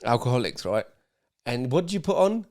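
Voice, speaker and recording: Male podcast host, mid-pitched, easygoing banter with a friend, laughs often. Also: very animated, brisk, a little mellow. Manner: laid-back, laughing, swearing banter. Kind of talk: casual chat.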